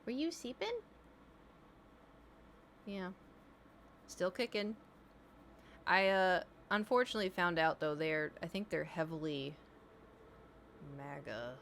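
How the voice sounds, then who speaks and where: A woman's voice: fairly low pitch, slow pace, pauses often, a bit bright, slight background noise. A woman streamer chatting casually, telling rambling stories and talking to her cat.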